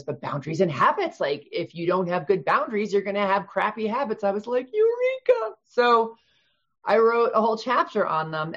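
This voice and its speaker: A talkative woman in her fifties sits as a guest in an interview, her voice on the low side for a woman. She rambles, restarts sentences and laughs easily. The audio is a little dull and lo-fi. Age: 50s. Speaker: author guest. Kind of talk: casual interview chat.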